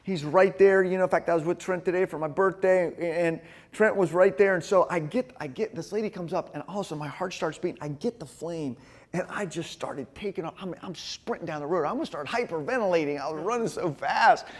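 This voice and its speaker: Energetic high-voiced man telling a story. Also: a little fast. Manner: storytelling, energetic, acts out scenes. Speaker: men's group leader. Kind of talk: animated church talk.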